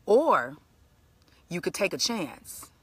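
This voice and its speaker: Middle-aged woman motivational speaker, bright and forceful, lively preacherly storyteller. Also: on the low side, takes it slowly, slightly rough. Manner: animated, conversational, preacherly. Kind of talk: storytelling live stream talk.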